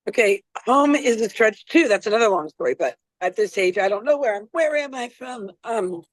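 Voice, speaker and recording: A woman's voice: on the high side, expressive, moderate pace, no echo, rough recording. A woman chef from Florida, chatting casually in an interview, rambling and joking about herself. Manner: chatty, rambling, self-deprecating. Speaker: chef and guest.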